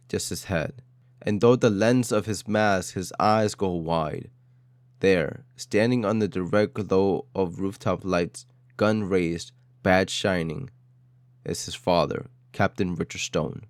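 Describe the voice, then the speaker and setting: A man's voice: sits low, no room sound. A man narrating an audio story in a dramatic style, with short, clipped phrases.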